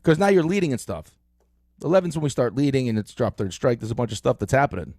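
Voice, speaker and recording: A middle-aged man hosting a sports radio show, telling stories in an animated way with lots of fillers, on a close studio mic. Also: medium pitch, fast, no room sound. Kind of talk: casual sports talk.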